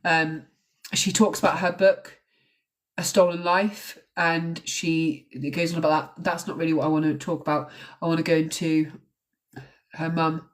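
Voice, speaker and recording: A true crime podcast host with a low-pitched voice recounts a case at a moderate pace and with flat delivery. She's casual and earnest, conversational in style, and her speech is dotted with frequent "ums" and "likes."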